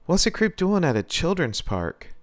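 Reading as a blunt, brusque big dad, a man uses a slightly high, very animated voice pitched above his natural one, at normal speed. The studio-quality recording has no room sound.

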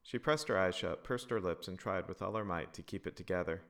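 A man narrating a family story in a lively, expressive reading. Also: low voice, a little fast.

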